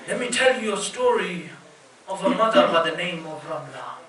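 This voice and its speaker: Man, UK, mourning sermon, emotive, bright tone, far from the mic, faint room hum. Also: sits high, lively intonation, moderate pace. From United Kingdom. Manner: emotive, addresses the crowd as brothers and sisters. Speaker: religious reciter. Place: mosque hall. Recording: echoey hall, distant mic, faint noise.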